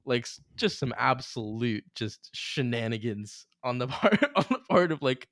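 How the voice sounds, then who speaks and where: A man's voice: mid-range voice, normal speed, no room sound. Rambling young podcast guy, dry sound. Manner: animated, laughing, rambling with fillers. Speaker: podcast co-host. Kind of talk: casual chat.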